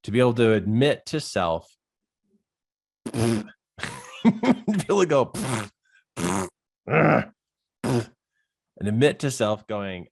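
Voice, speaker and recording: A man giving a motivational coaching talk, animated and often laughing as he acts out inner voices. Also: medium pitch, takes it slowly, gravelly, long pauses, husky. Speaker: life coach.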